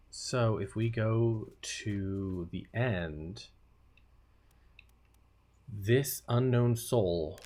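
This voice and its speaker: A man's voice: on the low side, a little mellow. A man streaming a video game, thinking aloud and musing in casual commentary.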